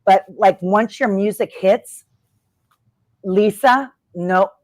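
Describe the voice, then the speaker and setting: This middle-aged woman, a former wrestler, talks slowly at a medium pitch in a recording without room sound. Her casual interview chat is full of expressive storytelling, and she acts out quotes in the voices of the people involved.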